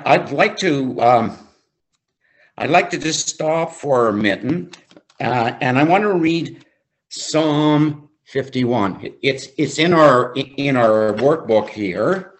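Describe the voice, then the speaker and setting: A man leading a faith-based recovery group, teaching slowly and reflectively, often repeating phrases for emphasis. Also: a little high. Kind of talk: devotional teaching.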